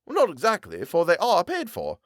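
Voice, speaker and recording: A man's voice: high-pitched, huge pitch swings, fairly quick, no echo, studio quality, pitched above the performer's own voice. A man doing a blustering gossipy tailor. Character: boastful chatty male tailor. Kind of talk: audiobook character voice.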